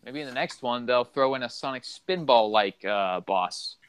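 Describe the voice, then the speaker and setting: A man's voice: medium pitch, expressive, normal speed, a bit bright, a little hiss or hum, rough recording. A man co-hosting a casual gaming chat, rambling through game trivia with lots of fillers. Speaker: co-host.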